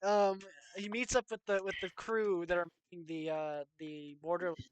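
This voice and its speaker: A man co-hosting a podcast, rambling through a comic movie recap with lots of filler and quick voiced lines. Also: high voice, flat delivery, smooth, no room sound. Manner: rambling retelling full of "um" and quick put-on lines. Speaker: podcast co-host. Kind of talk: casual comedic movie recap.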